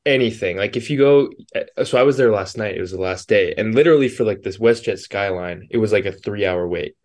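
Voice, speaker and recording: A man co-hosting a podcast, talking in an animated, emphatic way. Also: on the low side, a little fast. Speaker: podcast co-host. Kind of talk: casual chat.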